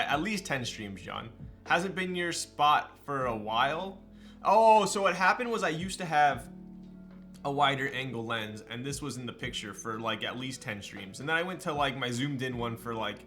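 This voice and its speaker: A young man from Southern California chatting casually with viewers on a live stream, relaxed and slangy, full of fillers like "um" and "like", with light music playing behind him. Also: mid-range voice, moderate pace. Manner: laid-back, slangy, with frequent fillers and laughs.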